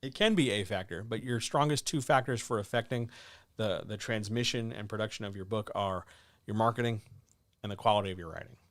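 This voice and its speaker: Briskly, a man answers viewer questions during a writing advice livestream he hosts, his casual chat blunt and sardonic. He sounds animated, with abrupt jumps in pitch, and the recording is dry.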